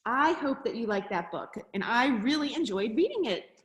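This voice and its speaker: A woman's voice: a little high, normal speed, reverberant. A woman educator reading a picture book aloud to children, gasping with surprise and asking them questions as she goes. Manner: animated, gasps and asks the listening children questions. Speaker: nature center educator.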